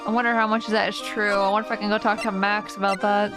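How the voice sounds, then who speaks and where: A woman's voice: medium pitch, steady tone, fast talker, few pauses. A woman streamer giving playful, exclamatory commentary on a game playthrough. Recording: game music behind. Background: game music.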